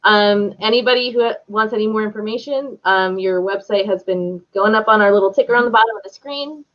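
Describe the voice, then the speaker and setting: A woman's voice: medium pitch, fairly quick. A woman co-hosting a livestream interview over a video call, thanking the guest in a friendly way as she wraps up. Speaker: livestream co-host. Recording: slightly dull, lo-fi audio.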